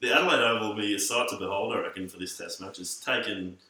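A man's voice: on the low side, fast talker, bright, forceful tone. Laid-back Australian man, very echoey room. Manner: laid-back, playfully grumbling. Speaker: podcast guest. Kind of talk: casual banter podcast.

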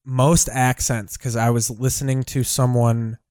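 A man co-hosting a casual, profane chat while watching old baseball footage, joking and dropping quick impressions. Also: mid-range voice, little pitch movement, darkish tone, no room sound, clean studio sound.

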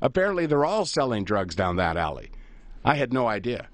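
A middle-aged man, a radio host telling a funny travel story in a lively, self-mocking way. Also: medium pitch, a little fast, dry recording. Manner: animated, self-mocking storyteller who laughs at his own tale. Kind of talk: casual on-air storytelling.

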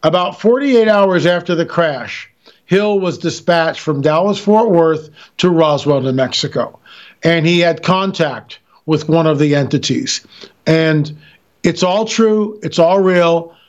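Brief: male interview guest, emphatic storyteller, higher voice, dull lo-fi sound. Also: a little slow. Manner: emphatic storytelling, frequent restarts. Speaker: interview guest, filmmaker and author. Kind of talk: animated radio interview talk.

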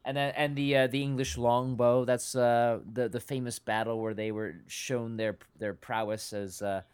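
A man co-hosting a podcast in relaxed chat, his voice smooth and resonant at a middle pitch. He talks haltingly, stopping and restarting as he works through trivia. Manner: halting, many restarts and fillers, shares fun facts. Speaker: podcast co-host. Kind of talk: casual chat.

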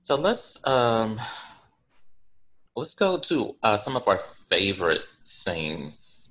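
A man hosting a podcast in casual chat, relaxed and steering the talk between topics. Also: on the low side, takes it slowly. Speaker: podcast host.

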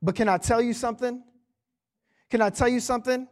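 A male pastor preaching a sermon, animated and quick to joke with the congregation. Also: extremely high pitch. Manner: animated, joking asides to the congregation.

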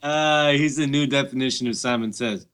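A man's voice: medium pitch, normal speed, fairly bright tone, clear, resonant tone. A young man co-hosting a casual chat, blunt and laid-back, swearing and laughing. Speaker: co-host.

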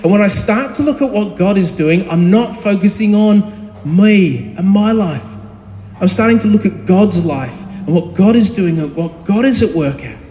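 Male pastor, thirties, high voice, chatty sermon style full of ums and restarts, long reverb from the hall. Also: animated, normal speed, a little mellow, slight background noise. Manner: conversational, with frequent fillers and restarts. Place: church hall. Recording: echoey hall.

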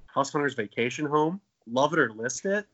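A man's voice: medium pitch, lively intonation, moderate pace, fairly bright tone, lo-fi sound. A man in his late twenties, joking and swearing in a casual comedic chat as a podcast co-host. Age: 20s. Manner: jokey, profane, playful.

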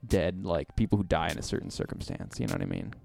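A man's voice: deep voice, fast talker, vocal fry, darkish tone, faint music behind. A man co-hosting a podcast in casual chat, rambling and filling his talk with "like". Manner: rambling, heavy use of "like". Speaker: podcast co-host.

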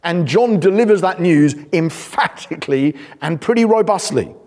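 A man's voice: high voice, animated, moderate pace, a little mellow. A British man preaching a sermon in a church hall, conversational and emphatic, with dry humour. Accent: British English. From Britain. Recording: long hall reverb.

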